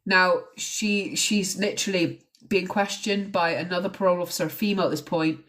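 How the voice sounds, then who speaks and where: A woman's voice: lowish voice, steady tone, fairly quick, a bit bright. A woman hosting a true crime show, recounting a case in a casual, earnest way with frequent ums. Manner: conversational, with frequent ums and likes. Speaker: true crime podcast host.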